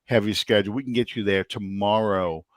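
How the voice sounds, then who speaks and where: A man putting on the voice of a bored airline ticket agent, who sounds flat and unhurried. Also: lowish voice, dry recording, studio quality, voice pushed down, lightly acted. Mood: indifferent.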